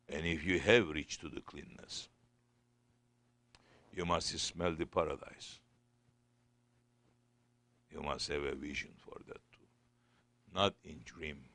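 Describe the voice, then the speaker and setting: A man's voice: low-pitched, vocal fry, bright, forceful tone, dry recording. A man preaching a sermon as a sheikh, telling stories in simple non-native English.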